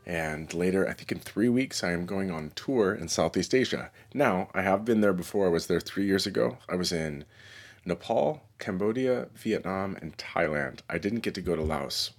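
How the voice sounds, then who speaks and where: A man hosting his own podcast, talking in a relaxed, reflective way with pauses and fillers. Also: low voice. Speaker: podcast host and musician. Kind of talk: casual solo podcast monologue. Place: New York City.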